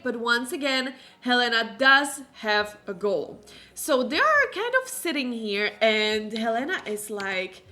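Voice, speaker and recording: A woman streamer chatting casually through a gameplay session, exclaiming often and filling pauses with "like" and "um". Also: sits high, sing-song, pushed and bright. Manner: chatty, exclamatory, many fillers. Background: faint game music.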